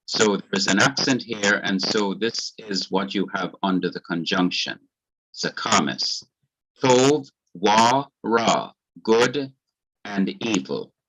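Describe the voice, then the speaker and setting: A man with a Jamaican accent teaching a Hebrew grammar class, explaining each point slowly, patiently and carefully. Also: on the low side, fairly bright tone, low-quality recording.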